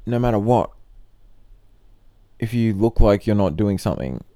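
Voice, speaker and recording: Low-voiced rambling, swearing man. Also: animated, normal speed, dark tone, no room sound. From not from Australia. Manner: rambling, profane, joking. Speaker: podcast host. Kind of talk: casual solo monologue. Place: in Australia.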